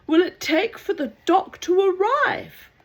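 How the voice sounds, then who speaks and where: A woman voicing a panicking drowning man in a comic poem, calling out in high, pleading cries. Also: expressive, slow, heavily acted. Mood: anxious. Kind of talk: comic poem read aloud.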